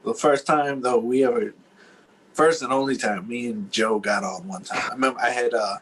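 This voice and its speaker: Husky man in his forties telling stories. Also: mid-range voice, normal speed, low-quality recording. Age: 40s. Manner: animated storyteller, jokes. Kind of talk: casual chat.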